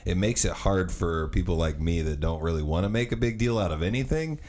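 A man's voice: low-pitched, animated, brisk, a little mellow. A man hosting his long-running casual podcast, rambling and restarting his sentences in a laid-back way. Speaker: podcast host.

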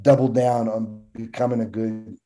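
A man's voice: on the low side, flat delivery, moderate pace, dark tone. A man talking candidly in a casual conversation about coaching and parenting. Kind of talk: casual chat.

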